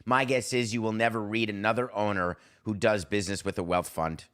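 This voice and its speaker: Low-voiced guy hosting a sports podcast, sarcastic and worked up, ranting opinions. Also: fairly even intonation, fairly quick, a bit bright, clear, resonant tone. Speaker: podcast host.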